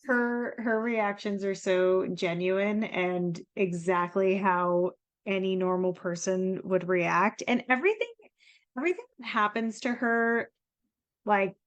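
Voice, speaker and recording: A woman's voice: mid-range voice, slow pace, dull audio. A woman co-hosting a podcast, talking thoughtfully and with empathy about a horror film in a casual chat. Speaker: podcast co-host. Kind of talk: casual movie discussion.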